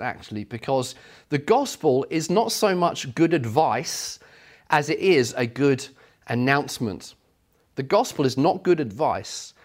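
An earnest man delivers a sermon with emphatic, storytelling conviction. His voice sits a touch high for a man, and he leans into key words to drive his points home. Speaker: preacher.

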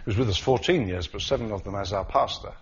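A man preaching a sermon, animated, acting out the voices of the disciples as he talks. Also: fairly low pitch, fast talker, vocal fry, dull audio, slight background noise.

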